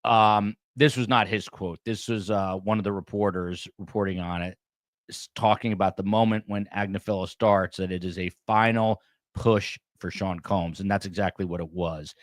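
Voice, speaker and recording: A man's voice: deep voice, fairly even intonation, moderate pace, dry recording, studio quality. A man hosting a true crime show, giving commentary as he reads out quotes and adds his own asides. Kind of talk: commentary on a court case.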